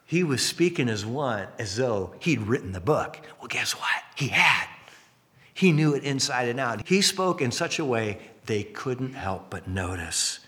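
Bright-voiced man preaching a lively sermon. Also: medium pitch, measured pace. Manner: lively storytelling with acted-out quotes and asides. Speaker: pastor.

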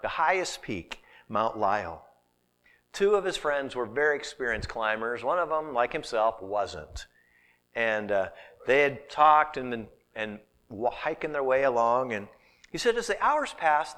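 A middle-aged pastor with a mid-range voice preaches a sermon, telling stories in an animated way and sometimes dropping to a hushed whisper.

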